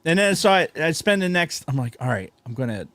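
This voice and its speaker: A man in his thirties spins a rowdy, profanity-laced anecdote, his voice leaping up and down in pitch as he acts out the moments. The recording is close and dry, with no room sound. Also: fairly quick, no echo. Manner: profane, animated storytelling with yelled sound effects. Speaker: podcast co-host. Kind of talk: casual chat.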